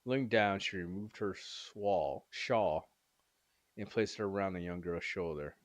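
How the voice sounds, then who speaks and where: A man reading a novel aloud in a halting way, stopping to correct misread words. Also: low voice, no echo. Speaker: reader.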